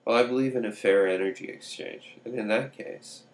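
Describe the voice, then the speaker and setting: A man's voice: fairly low pitch, moderate pace. A man telling a true story aloud, acting out dialogue with chuckling asides.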